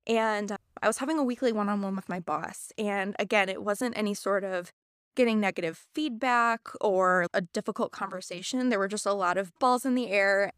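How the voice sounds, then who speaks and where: A woman's voice: medium pitch, moderate pace, a bit bright, smooth, dry recording, studio quality. Earnest woman telling a personal story. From United States. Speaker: podcast co-host. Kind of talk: casual chat, personal story.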